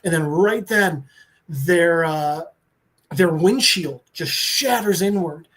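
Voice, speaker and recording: A man on a podcast, recapping a comic book story with excitement and swearing, briefly voicing the characters. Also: fairly high pitch, takes it slowly. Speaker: podcast co-host.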